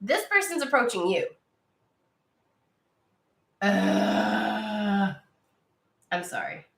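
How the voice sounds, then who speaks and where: A tarot reader with a mid-range, sing-song, gravelly voice that's a bit bright speaks extremely slowly, giving a casual reading. She's blunt and swears a lot as she talks straight to her viewers, and the room is echoey.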